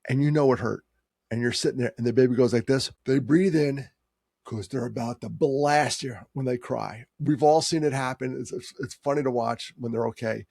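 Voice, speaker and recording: A man's voice: mid-range voice, normal speed, gravelly, a little mellow, dry recording, studio quality. A man in his sixties telling a personal story in a heartfelt, conversational way, with rising emphasis. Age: 60s. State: tearing up.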